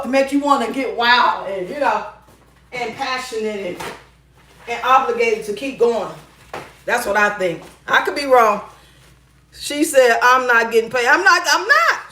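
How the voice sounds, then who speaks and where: A woman's voice: high-pitched, fairly bright tone. A middle-aged woman hosting a casual advice show, reading viewer comments and telling stories bluntly and profanely, often laughing. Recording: roomy echo.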